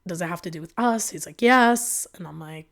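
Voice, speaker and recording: A woman's voice: sits low, fast talker, gravelly. Young woman candidly recounting a painful breakup. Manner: emotional, animated retelling with many fillers and quoted dialogue. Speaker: podcast guest. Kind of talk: candid storytelling.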